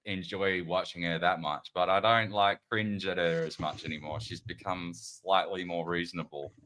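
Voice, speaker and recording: A man's voice: deep voice, steady tone, moderate pace, sharp tone. A man in a casual podcast chat, speaking earnestly and with emphasis.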